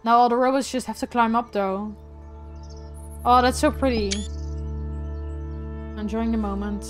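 A young woman playing through a game's ending, tearful and heartfelt, talking softly to the game and her viewers. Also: fairly high pitch, steady tone, normal speed, soft background music. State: teary from crying. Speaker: gaming streamer. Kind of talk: emotional let's-play commentary.

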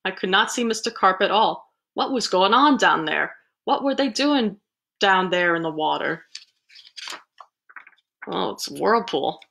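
A woman librarian reads a picture book aloud at a middling pitch. She is animated and breaks in with playful asides between pages. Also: a little slow, creaky. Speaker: children's librarian. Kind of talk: storybook read-aloud.

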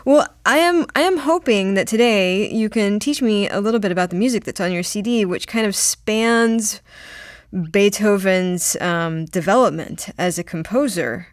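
A woman's voice: mid-range voice, normal speed, no room sound, clean studio sound. A woman hosting a classical music podcast, upbeat and laughing easily as she introduces and questions her guest. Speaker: podcast host. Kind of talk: scripted intro then interview chat.

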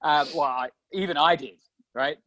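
A man with a Canadian accent tinged slightly Australian, a chiropractor co-hosting a casual podcast, telling stories in a chatty, animated way. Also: fairly high pitch, moderate pace, no echo. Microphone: remote call mic. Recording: dull lo-fi dry remote audio.

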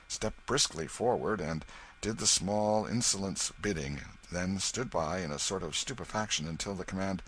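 A man narrating a classic novel audiobook in a measured storytelling manner. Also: sits low, fairly bright tone, slightly rough, low-quality recording. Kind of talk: scripted narration.

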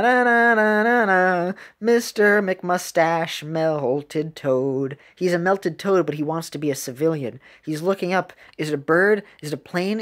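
A woman with a slightly low voice talks through videos in loose, excitable commentary. She rambles, restarts and trips over her words as she reacts. The delivery is casual and unscripted.

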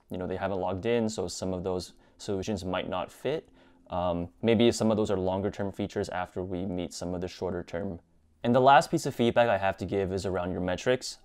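A man's voice: sits low, a little mellow, clear, resonant tone. A man running a mock job interview and giving the candidate upbeat, encouraging feedback.

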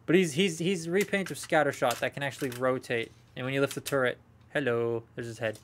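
Young male streamer, loose rambling chat with viewers, mid-pitch voice. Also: quick pace, slight background noise. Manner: rambling and chatty, talking to live chat. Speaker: toy collector streaming a haul unboxing. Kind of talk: casual live unboxing chat.

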